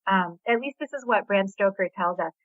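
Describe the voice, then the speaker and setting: A woman's voice: mid-range voice, moderate pace, dry recording. A middle-aged woman born in Hungary with an American accent, chatting enthusiastically as a novelist guest in an interview. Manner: chatty, enthusiastic, with small laughs. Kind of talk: casual interview chat. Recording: tinny dry phone line.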